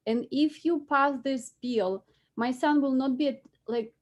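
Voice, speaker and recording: A woman's voice: high voice, slow pace, muffled recording. Emotional Belarusian woman testifying. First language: not English. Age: 40s. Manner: earnest, pleading, emotional. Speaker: public hearing testifier.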